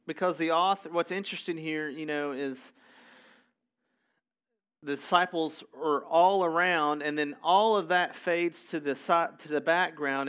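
Male pastor, fairly high pitch, relaxed conversational sermon delivery. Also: clean tone. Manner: conversational, asides while reading scripture.

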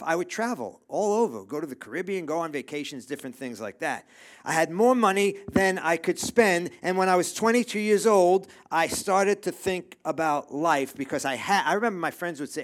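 A middle-aged man preaching a sermon to a congregation. He talks emphatically, repeats his phrases and keeps checking in with "okay?". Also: fairly high pitch. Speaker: pastor. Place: church room with a congregation.

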